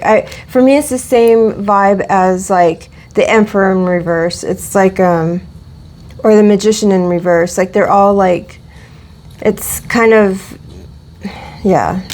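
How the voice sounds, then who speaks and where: A woman's voice: medium pitch, fairly even intonation, takes it slowly, darkish tone, a little hiss or hum. A woman giving a casual tarot reading, rambling with many fillers and restarts. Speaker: tarot reader.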